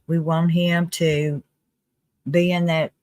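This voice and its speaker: A live-stream host giving casual commentary in a chatty, earnest way, with restarts and quick laughs. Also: medium pitch, little pitch movement, darkish tone, no echo. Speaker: livestream host.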